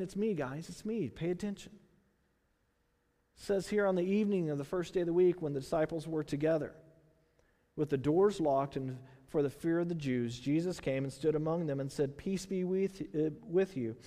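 High-voiced Texan preacher in an echoing hall. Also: male voice, normal speed. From Texas. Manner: conversational, animated preaching with rhetorical questions. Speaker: pastor. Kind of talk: sermon. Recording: long hall reverb.

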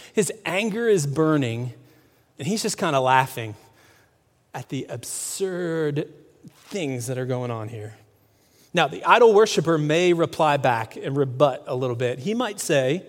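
A man's voice: on the high side, animated, a little slow. A male pastor preaching a sermon in a church, conversational, often asking the congregation questions. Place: church sanctuary. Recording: long hall reverb.

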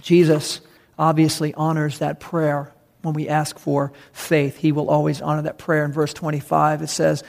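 A man's voice: fairly high pitch, monotone, normal speed, creaky, long reverb tail. A male pastor preaching a sermon in a conversational, emphatic way, often addressing the congregation directly.

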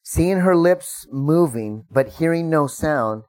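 A man's voice: on the high side, lively intonation, slow pace, darkish tone. A middle-aged man, a pastor, preaching a sermon in a conversational way, acting out the prayers he quotes with rising emphasis.

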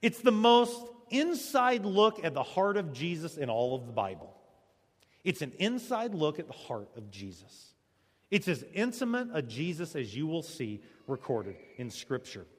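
A man preaches a sermon in a lively, sing-song voice that sits a bit high, rising to emphatic peaks and dropping to near-hushed lines. His words ring out with a long reverb around them. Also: measured pace. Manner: animated preaching, swinging between loud and hushed. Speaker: pastor.

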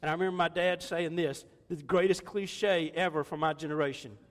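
A man's voice: on the high side, fairly even intonation, a little fast, long reverb tail. A man in his sixties preaching a sermon in a conversational, joking way, laughing often. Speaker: pastor.

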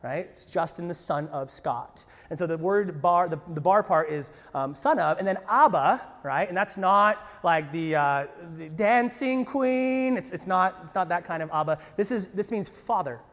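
A man preaching a sermon as pastor, lively and conversational, with jokes and asides to the congregation. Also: high voice, moderate pace, hardly any pauses, in a large hall.

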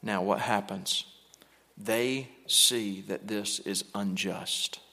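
A male pastor preaching a sermon in a church, moving between hushed, low passages and loud, emphatic pushes. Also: steady tone, slow, vocal fry. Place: church sanctuary. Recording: long hall reverb.

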